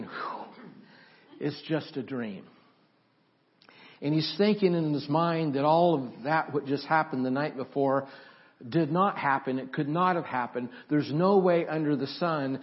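A pastor telling a story in his sermon, animated, with restarts and questions to the congregation. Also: on the high side. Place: church. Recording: dull lo-fi church audio.

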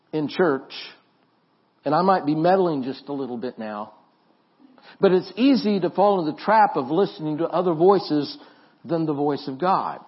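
A man's voice: on the high side, slightly rough, muffled recording. A man preaching as a pastor, earnest and repetitive, in a church. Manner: earnest preaching with repeated phrases and restarts. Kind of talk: sermon.

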